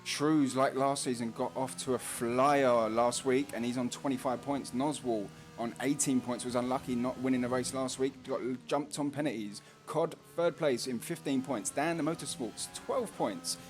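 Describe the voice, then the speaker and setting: A man's voice: medium pitch, steady tone, moderate pace, hardly any pauses, faint music behind. A man with a Cockney accent giving casual, jokey live race commentary, laughing often.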